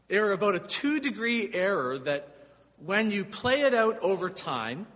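A man's voice: on the high side, fairly bright tone. A man preaching a sermon as pastor, emphatic and conversational, asking the congregation rhetorical questions. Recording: long hall reverb.

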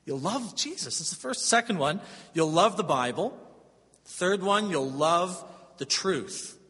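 A man's voice: sits high, animated, unhurried, a bit bright, slightly rough. A middle-aged man, a pastor, preaching a sermon in a conversational way with personal stories. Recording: long hall reverb.

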